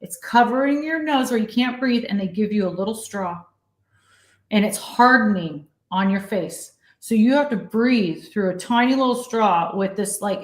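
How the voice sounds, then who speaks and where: Animated woman storyteller in a roomy space. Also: mid-range voice. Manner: animated storyteller, acts out quotes. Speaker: actress guest. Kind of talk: casual interview chat. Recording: roomy echo.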